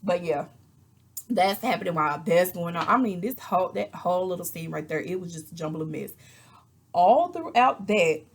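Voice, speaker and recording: A woman recapping a reality show in casual, animated chat, acting out quotes with exasperated asides. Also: fairly low pitch, normal speed, breathy edge. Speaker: reality TV reviewer.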